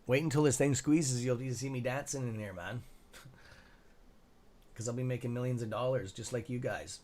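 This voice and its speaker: A young man hosting a live trading stream, reading chat and reacting with excitable, profane commentary and muttered asides. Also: mid-range voice, normal speed, long pauses. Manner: excitable, profane, talks to viewers by nickname; mutters asides to himself under his breath. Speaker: stock trading livestream host.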